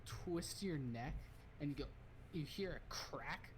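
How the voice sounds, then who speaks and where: A man's voice: fairly high pitch, animated, slow, noisy background. Playful man running a tabletop game. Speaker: game master.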